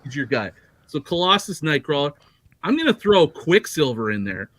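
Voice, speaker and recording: A man's voice: on the high side, sing-song, moderate pace, fairly bright tone, dry recording. A man chatting casually as a guest on a livestream, rambling with many fillers and restarts. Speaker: guest collector.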